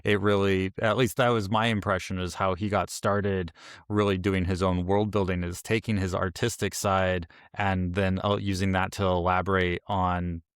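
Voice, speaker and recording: A smooth, resonant man with a lowish voice hosts a casual interview. He agrees readily with his guest and winds his way into long, loose questions, recorded close and dry. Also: flat delivery, moderate pace, no echo. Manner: affirming, rambling questions. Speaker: podcast host.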